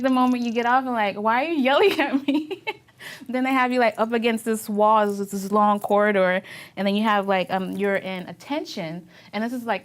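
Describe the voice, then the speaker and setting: Young woman navy vet in an interview, chatty and candid, laughs a lot while telling stories, middle pitched voice. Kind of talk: casual interview recollection.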